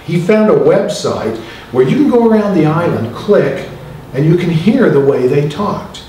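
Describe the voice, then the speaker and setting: A man's voice: a little high, expressive, moderate pace, warm tone, a little hiss or hum. A man, a filmmaker, telling stories to an audience in a chatty, joking way with asides to the listeners. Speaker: filmmaker giving a talk. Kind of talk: storytelling talk to an audience. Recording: echoey hall, mic far off.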